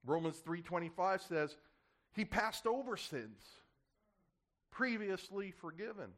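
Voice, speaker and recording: A man's voice: high-pitched, expressive, slow, fairly bright tone. A man preaching a sermon to his church, impassioned, his voice swelling and dropping as he drives his points home. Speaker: pastor.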